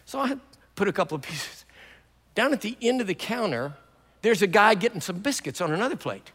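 An older man preaching a sermon, telling stories with big swings from quiet talk to loud bursts. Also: high voice, sing-song, a little fast. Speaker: pastor. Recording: long hall reverb.

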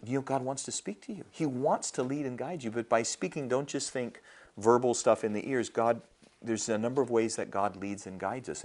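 Deep-voiced male pastor, chatty sermon. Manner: conversational storytelling, repeats words at starts.

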